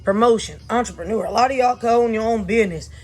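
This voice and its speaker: A woman doing a blunt, profane tarot reading for her viewers, talking animated and fired up. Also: a little high, quick pace, soft background music. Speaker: tarot reader.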